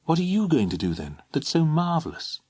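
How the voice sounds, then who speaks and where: Anxious teenage girl, hesitant, pleading, raised pitch, storybook reading, a man voicing her. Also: very animated, a little fast, a little mellow, husky, dry recording. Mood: indignant. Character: anxious teenage English girl, timid, dutiful.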